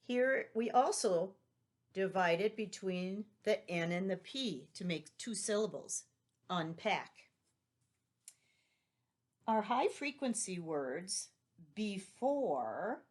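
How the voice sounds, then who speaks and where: Slow, patient woman teacher with a low voice. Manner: patient, spells words out letter by letter. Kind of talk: spelling lesson for young children.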